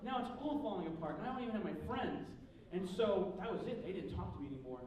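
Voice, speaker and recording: A man on stage at a convention panel, telling a story to a live audience in an animated way, acting out the dialogue and swearing freely. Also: sits high, fast talker. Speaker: panel guest speaker. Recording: echoey hall from far off, audience noise.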